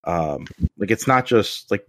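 Guy with a really low voice rambling about games, lots of ums, dry close mic. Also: expressive, measured pace, fairly bright tone, dry recording. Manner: rambling explanations with many fillers. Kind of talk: casual chat about video games.

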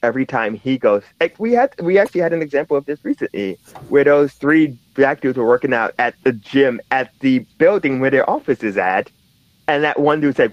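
A man's voice: mid-range voice, animated, a little fast, dry recording. A man from New York City chatting casually as a podcast co-host, rambling with lots of restarts and fillers. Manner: rambling, many restarts and fillers, laughing storyteller. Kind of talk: casual chat. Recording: slightly dull lo-fi sound.

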